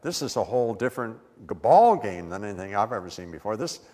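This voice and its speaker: A man's voice: fairly low pitch, big pitch swings, quick pace, mellow. A preacher voicing a repentant man who earnestly pleads for prayer, with long hall reverb. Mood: pleading.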